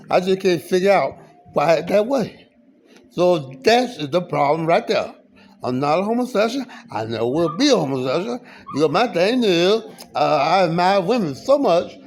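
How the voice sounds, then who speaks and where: A man with a noticeably high-pitched speaking voice recounts his side of the story at length. His account rambles, and he stumbles and restarts often, repeating phrases as he goes. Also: darkish tone. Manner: halting, repetitive, frequent restarts and fillers.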